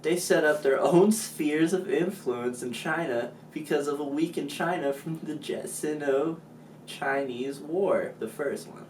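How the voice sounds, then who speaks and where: A man's voice: a little high, normal speed, few pauses, darkish tone, echoey room, distant mic, a little hiss or hum, rough recording. A man explaining history casually, joking and using many fillers. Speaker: student presenter.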